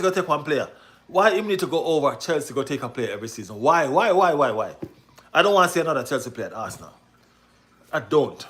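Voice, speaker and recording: A man hosting a football livestream, ranting excitably and repeating himself with rhetorical questions. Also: medium pitch, quick pace. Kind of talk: casual livestream rant.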